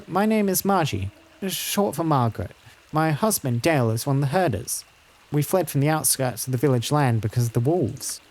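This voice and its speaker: A fretful farm wife from a fantasy game, polite and hesitant with strangers, as a man puts her on. Her voice is pitched a bit higher than an ordinary man's. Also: a little mellow. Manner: nervous, deferential.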